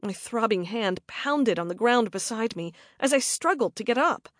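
A woman narrating a suspense story in the first person with measured, dramatic delivery. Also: a little high, lively intonation, no room sound, clean studio sound. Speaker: audiobook narrator.

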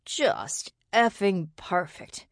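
A woman voicing an irritable, gruff male bear shifter who snarls his lines in exasperation. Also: high-pitched, moderate pace, no room sound. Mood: sarcastic.

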